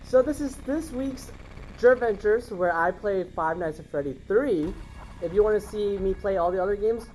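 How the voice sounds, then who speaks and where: A woman's voice: medium pitch, dark tone, poor audio. A young woman hosting a let's play of a horror game, talking in jumpy, exclamatory bursts. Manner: jumpy, exclamatory, nervously chattering. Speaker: host playing a horror game.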